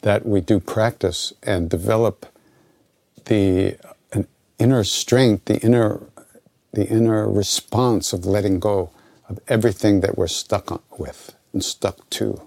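Older American man with a gravelly voice. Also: lowish voice, a little slow, no echo. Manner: relaxed, conversational, self-interrupting. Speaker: spiritual teacher answering questions. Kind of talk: informal spoken Q&A teaching.

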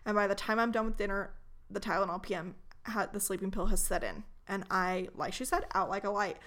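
A woman's voice: mid-range voice, fairly quick. Young woman co-hosting, chatty travel tips, gets all mock-furious telling stories. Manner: animated, mock-outraged storytelling. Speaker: podcast co-host. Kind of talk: casual chat.

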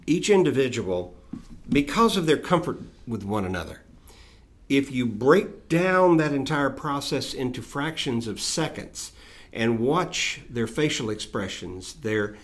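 A man from Tennessee and North Georgia co-hosting a casual talk, explaining things in drawn-out stories. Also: medium pitch, expressive. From Tennessee and North Georgia, United States. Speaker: co-host. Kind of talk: casual chat.

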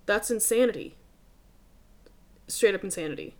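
A woman's voice: mid-range voice, lively intonation, moderate pace, a little mellow. A young adult woman hosting a podcast, talking casually and emphatically, swearing freely and calling listeners dude. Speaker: podcast host. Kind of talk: casual motivational podcast talk.

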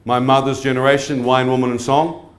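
A man delivers an animated sermon, speaking at a medium pitch. He keeps throwing questions out to his listeners. His voice rings in an echoey hall. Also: a little fast. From New Zealand. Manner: animated, asks the crowd questions. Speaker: evangelist. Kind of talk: sermon testimony.

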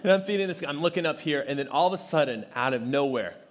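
A man preaching a sermon, shifting into animated, conversational storytelling with casual asides. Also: a little high, quick pace. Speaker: pastor.

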